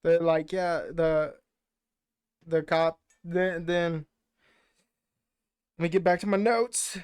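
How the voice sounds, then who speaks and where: This co-host speaks slowly in a fairly high, slightly mellow, clean voice with even intonation. He's on a podcast casually recapping a movie, wandering through the plot and quoting lines.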